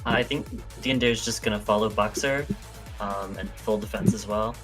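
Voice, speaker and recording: A tabletop player with a lowish voice who talks through his character's moves in a relaxed third-person way. Clear music plays behind him. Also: normal speed. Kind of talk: casual tabletop game play.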